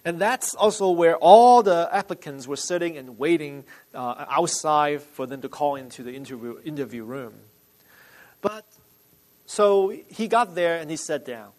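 A male pastor delivering a sermon, emphatic and deliberate, repeating key phrases. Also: sits high, darkish tone, rough recording.

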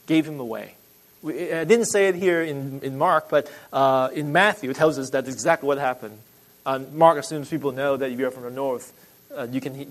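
Male pastor, sermon delivery, higher-pitched voice, urgent emphatic swells and quiet asides, conversational with restarts. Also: poor audio. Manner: restarts and fillers, explaining scripture conversationally.

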